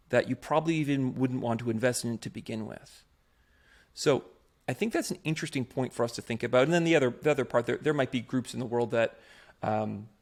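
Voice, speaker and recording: A man co-hosts a casual podcast with a gravelly, fried edge to his voice. He sits at a middling pitch and reasons things out aloud with emphasis, often restarting as he goes. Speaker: podcast co-host, improv performer.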